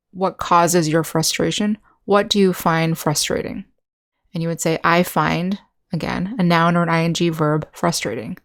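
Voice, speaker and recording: Slow, careful American woman teaching English. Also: on the low side. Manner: slow, carefully enunciated model sentences. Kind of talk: online English lesson.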